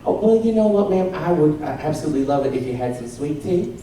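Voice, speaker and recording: A man's voice: on the high side, lively intonation, fast talker, dark tone, natural voice. A man voicing a polite young man with an American Southern accent, courteous and drawling. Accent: American South, put on. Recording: echoey hall from far off, crowd noise.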